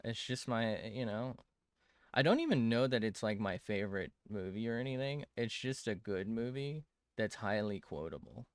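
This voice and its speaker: A man's voice: lowish voice, lively intonation, normal speed, no echo, studio quality. A young man streaming while he draws, rambling to chat, mocking himself and swearing often.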